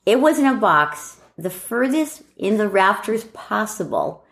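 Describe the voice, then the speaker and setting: A woman's voice: mid-range voice, measured pace, reverberant. A middle-aged woman casually telling a family story, acting out what relatives said. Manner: animated, acts out family members' lines.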